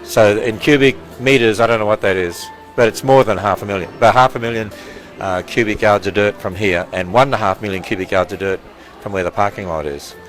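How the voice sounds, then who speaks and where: Walking visitors through a building and outside, a sixty-something Australian man who heads a ministry jokes, laughs and chats freely. He speaks fairly quickly in a lowish voice, and the low-quality recording carries soft background music.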